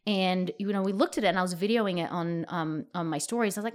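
A woman's voice: fairly low pitch, fast talker. A woman in her thirties from Australia, a podcast guest telling stories in casual chat with lots of acted quotes. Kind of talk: casual chat, animated storytelling.

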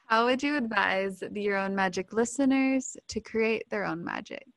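A woman hosting a podcast interview who speaks in an effusive, animated way. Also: mid-range voice, moderate pace, no room sound. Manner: effusive, warm praise, animated. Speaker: podcast host. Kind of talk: casual interview chat.

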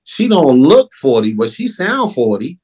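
A man who directs films, talking in a casual interview in an emphatic, animated way. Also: medium pitch, measured pace, breathy edge. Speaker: film director.

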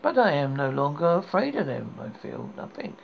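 A man's voice: on the high side, sing-song, normal speed, vocal fry. A man voicing a frightened young boy who speaks through chattering teeth. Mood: tearful. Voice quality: shaky. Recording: dull lo-fi recording with faint hiss.

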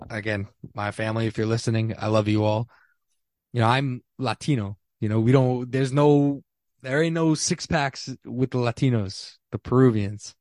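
Twenties guy doing a solo podcast, blunt and slangy, keeps restarting, average pitch, dry close sound. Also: a little mellow, dry recording. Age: 20s. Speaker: podcast host. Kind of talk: casual solo podcast chat. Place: small apartment.

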